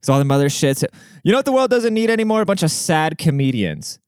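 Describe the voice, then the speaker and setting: Solo podcast host, young adult man, cocky and foul-mouthed, smooth voice, dry close sound. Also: fairly high pitch, very animated, fast, a little mellow, no echo. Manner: brash, profane, swaggering.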